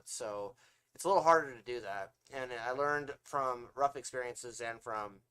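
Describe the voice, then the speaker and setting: A man's voice: medium pitch, a bit bright. Guy co-hosting a chill stream podcast, rambly, cusses a lot, laughs easy. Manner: rambling, swears casually, laughs often. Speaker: podcast co-host and author. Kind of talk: casual livestream chat.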